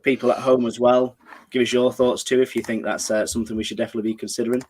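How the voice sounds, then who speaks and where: A man's voice: mid-range voice, level tone, rapid-fire, darkish tone. A man hosting a casual football livestream, chatting and reading out viewer comments. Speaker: livestream host.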